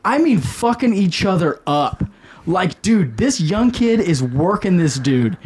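Middle-aged male podcast host, slightly high voice, swears freely and tells stories with animated emphasis. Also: unhurried, slight background noise. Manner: profane, animated, emphatic storyteller. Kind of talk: casual storytelling chat.

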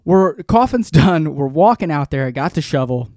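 A man in his forties telling a long rambling story in casual chat, animated and profane, as a podcast co-host. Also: a little high, moderate pace, no room sound, studio quality.

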